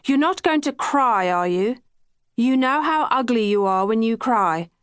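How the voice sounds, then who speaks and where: A woman's voice: fairly high pitch, lively intonation, unhurried, no room sound, studio quality. A woman voicing an impatient, image-conscious mother, speaking in a clipped, scolding way.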